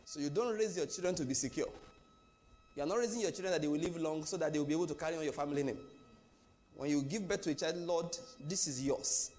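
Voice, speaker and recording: A man from Nigeria preaches a sermon in a fairly high voice. He talks with emphasis and keeps asking his listeners questions. Faint music plays behind him. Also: very fast, darkish tone.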